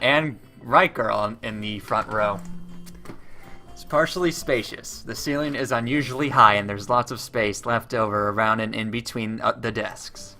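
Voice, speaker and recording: A man's voice: mid-range voice, moderate pace, bright, forceful tone, faint music behind. A man reading a visual novel aloud with chatty asides, often stumbling and restarting on words. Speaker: let's player.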